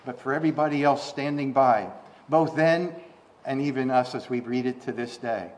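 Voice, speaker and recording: With a slightly mellow quality and a moderate pace, a man delivers a conversational sermon. Rhetorical questions and frequent restarts fill it, and his pitch and volume climb when he quotes scripture.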